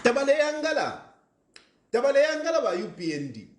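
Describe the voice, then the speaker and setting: A man's voice: sits high, sing-song, normal speed, roomy sound, a little hiss or hum. A man with a Zambian accent giving an impassioned political monologue from a rented apartment, repeating his points, switching between languages and breaking into laughter. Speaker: political commentator.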